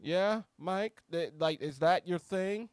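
A man's voice: high-pitched, takes it slowly, clean tone, dry recording. A man delivering a heated, profane reaction rant as a YouTube commentator. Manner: heated, profane, shouty outbursts.

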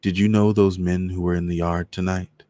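A man's voice: sits low, level tone, normal speed, warm tone, dry recording, natural voice. A defiant young woman, as a man reads her. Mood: earnest.

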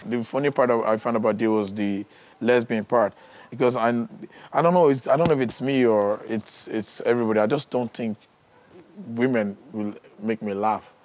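A man from Africa, a stand-up comedian talking loosely and in an animated way about his comedy. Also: mid-range voice, moderate pace, slight background noise. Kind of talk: casual interview talk.

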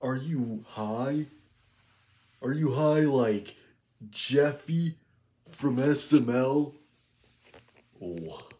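A man's voice: mid-range voice, animated, extremely slow, pauses often, dark tone. Kevin, a man doing a sneering teen bully. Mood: ranting. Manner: name-calling, mocking rants. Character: cocky scornful teenage boy bully. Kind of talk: fan parody roast.

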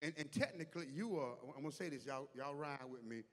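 A pastor delivering a sermon in a church, with call-and-response, repeated words and rising intensity. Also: male voice, a little high, fast. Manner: call-and-response preaching, repeats words, builds to loud climax. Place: large church hall. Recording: long hall reverb.

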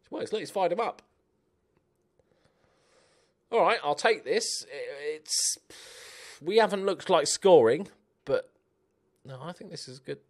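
A young man giving chatty, animated commentary while playing a game, cheering on his players. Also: fairly high pitch, moderate pace. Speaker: gaming YouTuber. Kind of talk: casual let's-play commentary.

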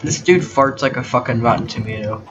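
A man's voice: medium pitch, a little fast, highs cut off. A young man streaming a game, chatting crudely with friends, swearing and laughing often. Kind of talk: casual gaming chat with friends. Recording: noisy gaming voice chat.

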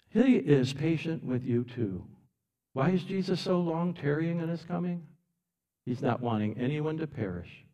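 A man preaching a sermon in a church, telling the story in an animated, dramatic way and swinging from soft to loud. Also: medium pitch.

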